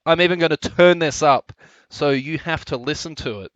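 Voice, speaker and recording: A man with a voice pitched a little above the usual, talking through his own flight video on a live stream. He rambles, jokes and swears freely, with plenty of ums and uhs, in an offhand, casual way. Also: moderate pace, fairly bright tone, dry recording, muffled recording. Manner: profane, joking, rambling with many fillers.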